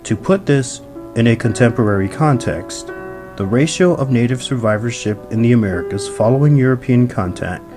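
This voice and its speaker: A man reading scripted documentary narration in a grave, measured way. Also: medium pitch, expressive. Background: music.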